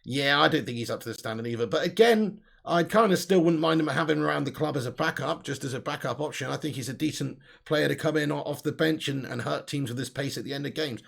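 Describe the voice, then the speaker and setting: A man's voice: fairly high pitch, quick pace, vocal fry, hardly any pauses, a bit bright. A young man hosting a live fan stream, chatting and laughing while he reads out viewer comments. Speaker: host of a fan channel livestream.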